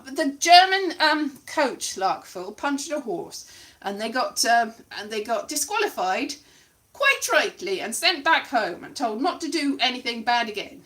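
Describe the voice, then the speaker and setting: A young woman talks in a loose, wandering monologue, veering off into asides and laughing at herself. Her voice sits high and swoops widely, with a bright, crisp edge. She sounds like she is chatting casually from home. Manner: chatty, digressive, self-mocking, many restarts and asides. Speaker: solo show performer.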